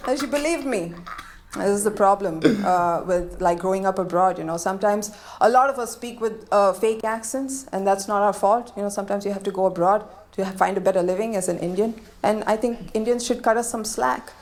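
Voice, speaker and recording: A woman's voice: mid-range voice, fairly quick, slight background noise. A woman who grew up in Kenya, performing a stand-up comedy set on stage and slipping into put-on accents for her jokes. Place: comedy stage before a live audience. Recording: stage mic with loud crowd laughter.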